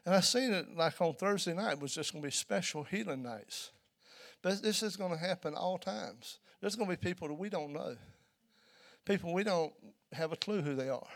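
A man preaching a sermon in a church, telling a story and building to loud, emphatic peaks. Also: sits high, lively intonation, moderate pace.

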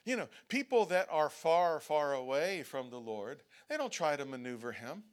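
Male pastor, slightly high voice, chatty sermon in church, keeps asking "okay?". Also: sing-song, moderate pace, few pauses. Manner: conversational preaching, frequent "okay?" checks, acted-out prayers and whining. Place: church sanctuary.

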